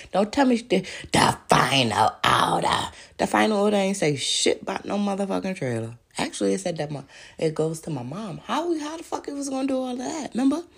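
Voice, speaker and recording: A woman's voice: on the low side, gravelly, breathy edge. A woman, hosting a podcast and delivering a profane, heated monologue full of rhetorical questions. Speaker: podcast host.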